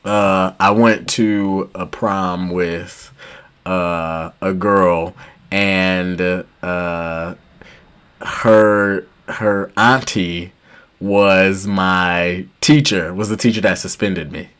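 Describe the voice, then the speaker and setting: A man's voice: deep voice, very slow, clear, resonant tone. A man co-hosting a podcast, telling a childhood story in casual chat and laughing through it. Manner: animated storyteller who laughs through his anecdotes. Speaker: podcast co-host.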